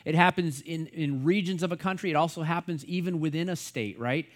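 A man's voice: a little high, fairly quick. A middle-aged man from the United States, a pastor teaching the Bible in a casual, rambling way full of fillers and asides.

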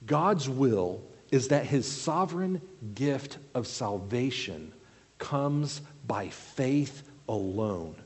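A man preaching a sermon, explaining scripture verse by verse with expressive questions. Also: medium pitch, slightly rough, in a large hall.

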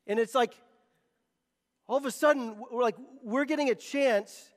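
A man's voice: very high voice, moderate pace, in a large hall. A man preaching a sermon as pastor, emphatic and often repeating words as he presses a point.

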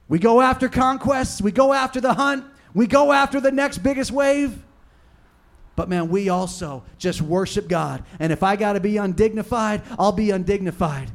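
High-voiced impassioned male preacher. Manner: impassioned preaching, swinging between loud and hushed. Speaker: pastor. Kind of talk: sermon.

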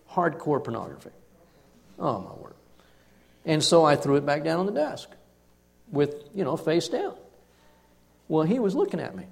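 A male pastor preaching a sermon, telling a personal story with animated delivery and hushed drops for emphasis. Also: fairly high pitch.

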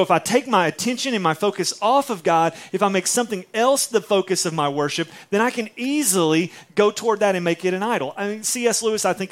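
A man preaching a sermon in church, reading scripture aloud and explaining it earnestly to the congregation. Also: high voice. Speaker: pastor.

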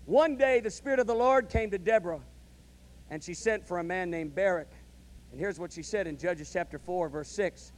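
High-voiced man preaching with rising fervor. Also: brisk. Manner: storytelling preacher who builds to loud, emphatic calls of amen. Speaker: pastor. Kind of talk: sermon.

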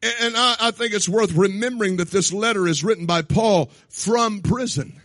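A man preaching a sermon in a church, shouting his points, then dropping to quiet asides. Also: sits high, moderate pace, dry recording. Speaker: pastor. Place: church sanctuary.

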